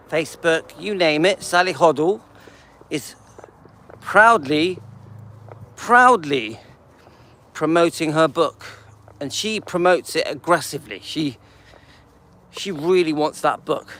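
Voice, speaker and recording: An older man with a slightly high, sharp voice hosts a casual live stream as he walks outdoors through a seaside town, chatting and greeting viewers by name.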